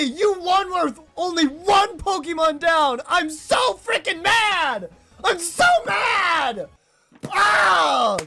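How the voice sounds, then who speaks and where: A man talking viewers through a live gameplay stream, animated and quick to blame himself. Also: sits high. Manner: animated, self-critical, talks straight to viewers. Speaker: game streamer.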